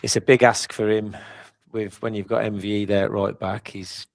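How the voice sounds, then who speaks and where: A man co-hosting a casual football podcast, easygoing and quick to agree. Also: fairly low pitch, level tone, gravelly, no echo. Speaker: podcast co-host.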